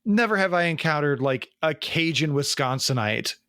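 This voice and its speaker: A man in his forties hosting a podcast in casual chat, fast and prone to tangents and self-interruptions. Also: a little high, expressive, fairly bright tone, clean tone, dry recording, studio quality. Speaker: podcast host.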